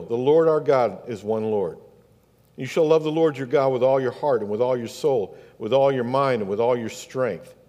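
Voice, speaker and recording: A pastor with a Southern US accent preaching a sermon, asking rhetorical questions and repeating phrases for emphasis. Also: male voice, medium pitch, darkish tone. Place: church sanctuary. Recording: long reverb of a church hall.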